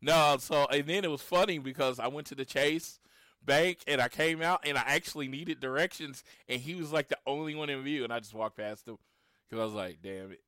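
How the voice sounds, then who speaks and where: A man in his late thirties from Oklahoma, chatting casually as a podcast co-host and retelling his encounters with lively storytelling. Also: a little high, a little fast, smooth, dry recording, studio quality. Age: 30s. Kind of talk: casual chat.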